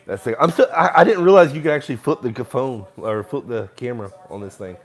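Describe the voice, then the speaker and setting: A young man hosting a casual live sports chat, rambling between opinions and reacting loudly to plays as he watches. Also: mid-range voice, a little fast. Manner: rambling, excitable, shouts and laughs at plays. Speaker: sports show host.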